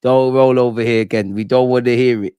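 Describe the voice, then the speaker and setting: A young man hosting a live football reaction stream, excitable and slangy, swearing and reading chat aloud. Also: medium pitch, a little fast, clean tone, no room sound. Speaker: football fan channel host.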